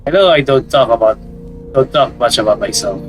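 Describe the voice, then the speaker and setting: A man's voice: mid-range voice, animated, fairly quick, faint music behind, natural voice. A man reading the lines of a reserved young catgirl woman who is guarded about her past, in his own plain voice. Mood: thoughtful. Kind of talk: reading visual novel dialogue aloud.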